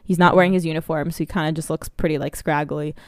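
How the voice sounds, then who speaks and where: Smooth low-voiced woman recapping a film. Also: steady tone, fast, no echo, studio quality. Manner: rambling plot recap with many fillers. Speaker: podcast co-host. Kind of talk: casual movie review chat.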